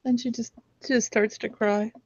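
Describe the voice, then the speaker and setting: A woman player chatting at a tabletop game, soft and hesitant. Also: a little high, fairly even intonation, moderate pace, no room sound, highs cut off. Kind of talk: casual chat at a tabletop game.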